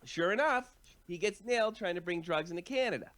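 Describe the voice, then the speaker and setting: A man's voice: high voice, animated, brisk, fairly bright tone. A man co-hosting a casual sports chat, talking in a rambling, hesitant way with many fillers. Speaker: co-host.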